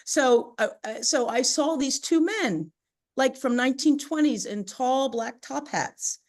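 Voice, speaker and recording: A woman as a podcast guest, telling a personal story in animated, chatty conversation with frequent fillers. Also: sits high, a little slow. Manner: animated, chatty, laughs often, many "you know" and "right?" fillers.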